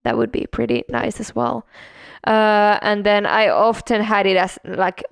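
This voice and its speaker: A woman's voice: medium pitch, fairly even intonation, creaky, smooth, no room sound. A woman co-hosting a podcast in a casual chat, playful and teasing. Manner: playful, teasing, quick interjections. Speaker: podcast co-host.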